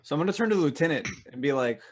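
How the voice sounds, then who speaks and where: A man's voice: a little high, lively intonation, rapid-fire. A man playing a tabletop game, talking hesitantly with many fillers. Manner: hesitant, lots of "like" and restarts. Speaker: player. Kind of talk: casual tabletop play.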